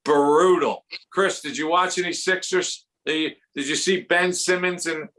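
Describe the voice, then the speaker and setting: A man with a Philadelphia accent doing a rambling, jokey comedy set at a fundraiser and dropping into quick impressions. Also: a little high, fairly even intonation, pushed and bright.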